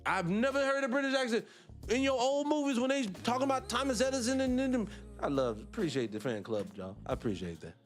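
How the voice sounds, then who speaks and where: A male morning-show host delivers a heated livestream monologue in a high voice. He drifts off on tangents, laughs to himself, then snaps back with question after question for his listeners. Faint music plays in the background. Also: very animated, fast talker. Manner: impassioned, fires rhetorical questions at listeners; digresses, laughs between points.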